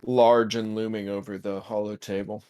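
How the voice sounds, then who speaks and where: A man's voice: on the low side, flat delivery, moderate pace, dark tone. A man narrating a tabletop role-playing game as game master, in a joking, laid-back way.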